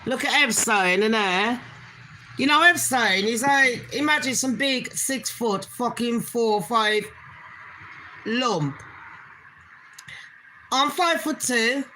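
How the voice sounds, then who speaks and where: A woman with a high, bright voice delivers casual ranting commentary as host of her own channel. She talks bluntly and scornfully and swears heavily. Her tone stays sharp and forceful throughout, with a little faint noise behind her. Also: takes it slowly, long pauses.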